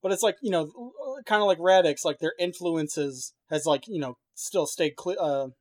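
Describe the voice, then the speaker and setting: A man's voice: fairly high pitch, moderate pace, a little mellow, no room sound. A man chatting casually as a podcast co-host, rambling and cursing with lots of fillers and restarts. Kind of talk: casual chat.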